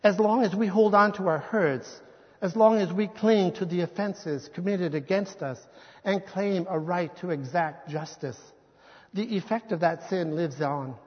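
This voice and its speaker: A man preaching a sermon in an earnest, measured way, slowing down when he reads quotations aloud. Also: high voice, long reverb tail, muffled recording. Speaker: pastor.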